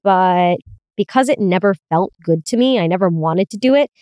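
A woman's voice: fairly low pitch, lively intonation, normal speed, dark tone, clear, resonant tone, no echo, clean studio sound. A young woman hosting a casual solo podcast, talking candidly, swearing freely and laughing often. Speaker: podcast host.

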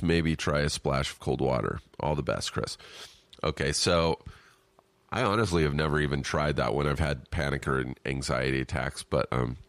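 A man with a very low, deep voice chats casually on his podcast, reading listener emails aloud. He rambles, pokes fun at himself and swears freely, sniffling now and then from allergies. The sound is close and dry, with no room echo. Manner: rambling, self-deprecating, profane asides. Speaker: podcast co-host. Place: at home in his apartment.

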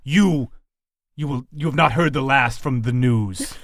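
A man's voice: medium pitch, unhurried, fairly bright tone, no room sound, clean studio sound, lightly acted. A man playing a self-important male TV news anchor in a tabletop game, making grand indignant threats.

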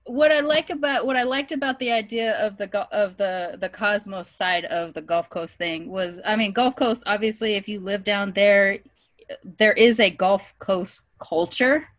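Animated storytelling woman, dry sound. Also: medium pitch, moderate pace, no room sound. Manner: animated, laughing, acts out quoted talk. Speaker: comic shop co-owner, guest. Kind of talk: casual storytelling chat.

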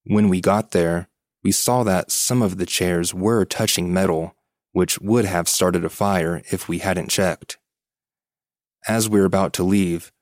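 Male podcast host, low register, dry close sound; measured, suspenseful scripted horror narration. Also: no room sound. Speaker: podcast host reading listener stories.

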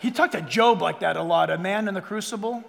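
A man preaching a sermon as a pastor, animated and acting out quoted dialogue in different voices. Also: high voice, fairly quick, gravelly, big-room sound, slight background noise.

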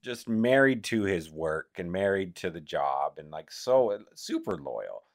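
A fairly deep-voiced man chats on a podcast, exasperated and swearing. His pitch swoops widely up and down as he complains. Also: big pitch swings, a little slow. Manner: exasperated, swearing, rising and falling delivery. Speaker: podcast co-host. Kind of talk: casual podcast chat.

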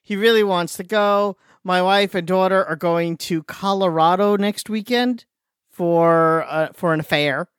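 Exasperated man with a smooth, higher voice. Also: a little slow, a bit bright, no room sound, studio quality. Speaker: podcast co-host. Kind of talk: casual chat.

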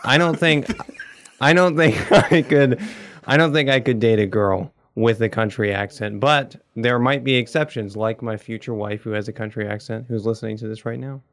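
A young man fumbles through his points on a casual podcast, then drops dry deadpan jokes. His voice sits at an average pitch. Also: moderate pace, no echo. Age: young adult. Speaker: podcast guest.

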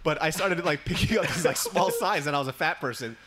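A man's voice: on the high side, brisk, a little hiss or hum. A man telling casual stories as a podcast guest, swearing freely and laughing often. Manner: profane, laughs often, animated. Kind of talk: casual storytelling.

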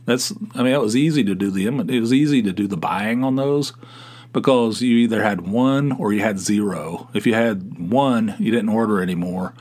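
A man's voice: lowish voice, a little mellow. Rambling middle-aged Appalachian man. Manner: rambling, halting, full of fillers and restarts. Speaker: podcast host. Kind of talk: casual solo podcast monologue.

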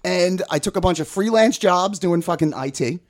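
A man's voice: high-pitched, lively intonation, moderate pace. A man in his forties telling a personal story in casual chat as a podcast guest, rambling, profane and often laughing.

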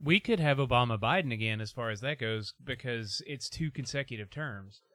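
A man's voice: medium pitch, animated, normal speed, a bit bright, no echo. A man co-hosting a podcast, wry and matter-of-fact in casual chat. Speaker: podcast co-host, opera singer.

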